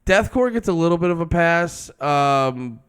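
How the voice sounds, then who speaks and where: A man's voice: on the high side, expressive, a little slow, fairly bright tone, clear, resonant tone. A man co-hosting a casual music podcast, ranting his opinions bluntly and with swearing. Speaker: podcast co-host.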